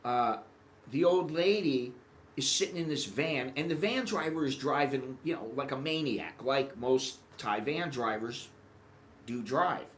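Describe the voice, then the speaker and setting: A man from the United States telling rambling, animated anecdotes in a casual vlog monologue. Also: medium pitch, a little slow, a little hiss or hum. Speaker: vlogger.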